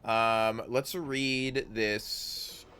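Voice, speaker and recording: A man's voice: mid-range voice, fairly even intonation, extremely slow, pushed and bright, smooth. A male streamer giving casual gameplay commentary, muttering to himself and reading game text aloud.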